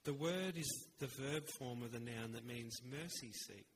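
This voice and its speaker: A man preaching a sermon in an earnest, measured way, with rhetorical pauses. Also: medium pitch, slight background noise, low-quality recording.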